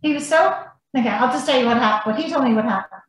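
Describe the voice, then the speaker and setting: High-voiced woman telling a story in an echoey room. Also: quick pace. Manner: animated, blunt, swears freely. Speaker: podcast guest. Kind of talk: casual storytelling. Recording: very echoey room, faint noise.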